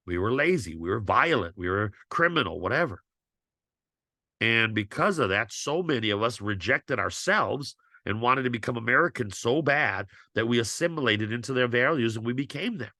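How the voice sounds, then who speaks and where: A man's voice: mid-range voice, lively intonation, moderate pace, bright, forceful tone, dry recording, studio quality. A male teacher lecturing his students in an impassioned, blunt way, swearing freely.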